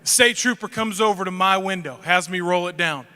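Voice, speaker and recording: A man telling a funny family story on stage, animated and jokey, acting out the scenes. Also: sits high, moderate pace, clean tone, in a large hall. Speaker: speaker at a school event.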